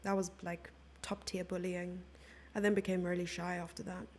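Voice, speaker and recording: A woman's voice: fairly low pitch, flat delivery, normal speed, a little mellow, slight background noise. A young woman commenting on chess live and chatting playfully with her viewers. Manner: chatty, playful, reads out and answers chat.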